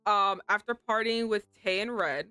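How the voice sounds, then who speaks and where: A woman streaming a visual novel, gushing excitably over the characters and laughing often. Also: mid-range voice, moderate pace, clean tone, dry recording, soft background music. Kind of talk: live let's play commentary.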